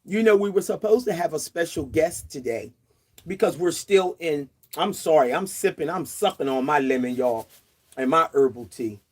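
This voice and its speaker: Woman, 60s, livestream host; casual chatter outdoors, quick to laugh, greets viewers. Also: deep voice, expressive.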